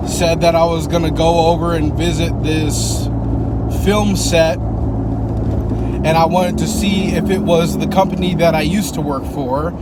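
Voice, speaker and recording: A man vlogging casually from his car as he drives, rambling and swearing, with lots of fillers. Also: on the high side. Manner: rambling, profane, with many fillers. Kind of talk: casual driving vlog. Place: in a car while driving. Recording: car cabin with clear road noise. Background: road and traffic noise.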